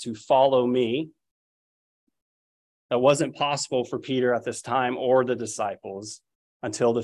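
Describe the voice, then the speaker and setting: A man with a medium-pitched, darkish voice gives an expository sermon, telling the story and acting out the lines he quotes.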